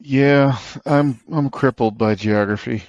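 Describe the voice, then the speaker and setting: A man's voice: mid-range voice, slow, darkish tone, muffled recording. A man from Northeast Ohio co-hosting a sports podcast, trading wry jokes in casual chat. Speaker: podcast co-host.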